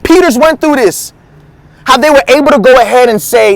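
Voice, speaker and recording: A man's voice: extremely high pitch, a little fast, vocal fry. A male teaching pastor giving a casual, slangy sermon, acting out the quotes he tells. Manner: slangy, conversational, acts out quotes.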